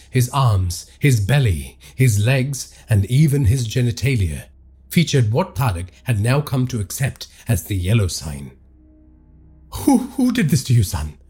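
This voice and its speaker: Husky male horror narrator. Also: mid-range voice, unhurried. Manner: dramatic, expressive.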